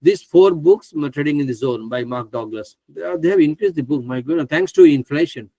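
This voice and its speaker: A man's voice: a little high, expressive, brisk, warm tone, no room sound. Chatty man teaching a live trading class. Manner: chatty, exclaims and laughs often; stumbles over names, asks others to pronounce them. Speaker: trading course presenter.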